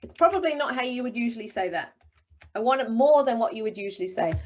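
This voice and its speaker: A middle-aged woman coaching speakers in a webinar, encouraging and expressive, talking over a video call. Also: on the high side, quick pace. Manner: encouraging, expressive, demonstrates voices. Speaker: presentation coach.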